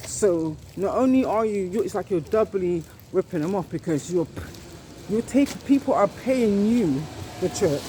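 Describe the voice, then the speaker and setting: A woman's voice: mid-range voice, expressive, moderate pace, dark tone. Woman vlogger, indignant and emphatic, cursing freely; noisy home recording. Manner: indignant, emphatic, repeats itself, swears. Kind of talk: angry monologue to camera.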